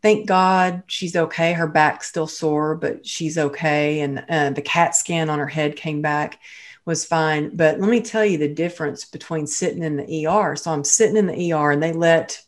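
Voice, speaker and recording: Middle-aged woman telling a story, lowish voice that jumps way up when she gets excited. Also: normal speed. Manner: animated, voice rising high when quoting and laughing. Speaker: guest telling a personal story. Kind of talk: casual storytelling chat.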